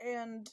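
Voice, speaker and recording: Woman, true-crime podcast host, casual delivery on the edge of tears, slightly high voice. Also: noisy background. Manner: emotional, fighting back tears; conversational with fillers.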